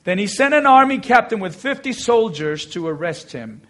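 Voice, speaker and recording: A man with a notably high voice preaching a sermon. He tells the scripture story expressively and leans hard into slow, emphatic phrases. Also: big pitch swings, fairly bright tone. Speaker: pastor.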